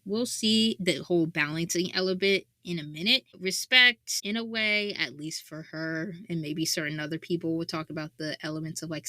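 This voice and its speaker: Bright-voiced woman rambling through an analysis. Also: low-pitched, no echo. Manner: rambling, many "like" fillers, frequent laughter. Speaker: anime analysis host. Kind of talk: casual spoken analysis.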